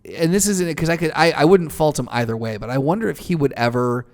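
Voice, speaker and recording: A man's voice: a little high, fast, a little mellow. A man co-hosting a podcast in casual comedic chat, swearing and egging on the jokes. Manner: laughs easily, swears, eggs on the jokes. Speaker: podcast co-host.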